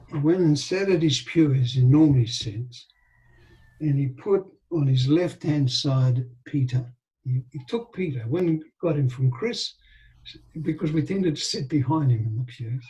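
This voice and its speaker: Older male guest, raised voice, animated storyteller acting out dialogue. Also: a little high, low-quality recording. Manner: animated anecdotes with quoted dialogue and laughter. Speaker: interview guest. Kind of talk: storytelling in a casual interview.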